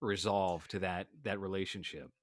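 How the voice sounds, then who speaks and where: A man's voice: low-pitched, steady tone, normal speed, no room sound. A man co-hosting a casual film discussion, speaking bluntly and with profanity. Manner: blunt, profane, acts out characters in quotes. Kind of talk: casual movie review chat.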